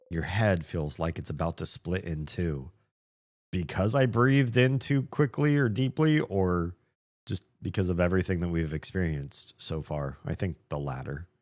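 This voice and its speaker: Lively low-voiced man reading a game aloud. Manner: playful, laughs often, drops into soft mumbled asides. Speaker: let's play host.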